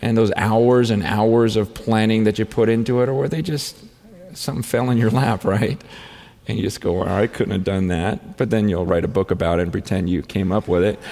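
A man preaching a sermon in an earnest, halting way, with many restarts, often rising into fervent, pleading prayer. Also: lowish voice, creaky, a little mellow. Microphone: handheld or stand mic on stage. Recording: long hall reverb.

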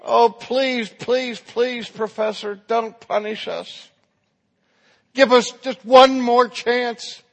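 A man's voice: very high-pitched, steady tone, slow, creaky, pitched above the performer's own voice, exaggerated voice. A man voicing a group of college freshmen begging their professor for one more chance, in a whiny, pleading way. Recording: long hall reverb.

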